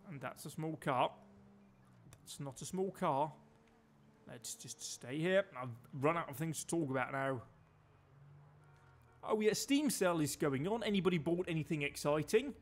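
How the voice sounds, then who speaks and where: A British man streaming and talking over his gameplay, his voice sitting a little higher than most men's. He keeps up a loose, chatty running commentary and drops dry, wry remarks. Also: lively intonation, moderate pace, long pauses, a little hiss or hum. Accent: British English.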